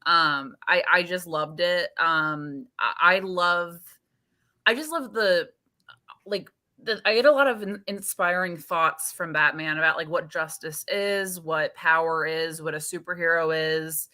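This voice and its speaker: A young woman guest on a film podcast with a bright, forceful voice that sits a little low. She tells her stories in an animated, chatty way. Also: a little slow. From Scandinavia. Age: 20s. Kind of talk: casual chat.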